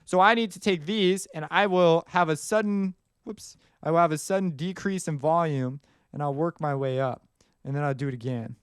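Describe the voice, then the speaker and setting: A man's voice: fairly high pitch, moderate pace, clear, resonant tone, no echo, studio quality. A man teaching music production in a casual, rambling way, often singing rhythms aloud as he explains. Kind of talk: screen-recorded tutorial explanation.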